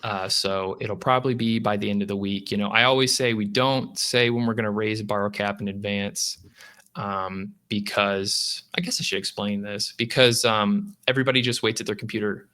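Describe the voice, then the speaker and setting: Speaking at a moderate pace in a voice on the low side, the man is a guest from a lending app on a relaxed crypto podcast. He stays animated throughout, performing the voices of users.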